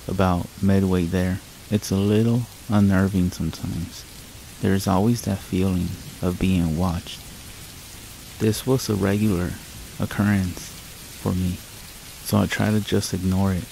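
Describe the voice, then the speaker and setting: A man with a low, heavily gravelly voice reads a horror story aloud in a calm, measured way. His tone is dark and mellow, and soft rain falls faintly behind him. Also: slight background noise, poor audio. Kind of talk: scripted horror narration. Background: rain sounds.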